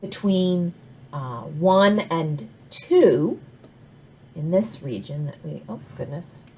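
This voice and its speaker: Slow, patient woman teaching math. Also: low-pitched, lively intonation, darkish tone, a little hiss or hum. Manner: patient, step-by-step explaining with frequent "all right?" check-ins. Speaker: math instructor. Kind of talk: recorded math lecture.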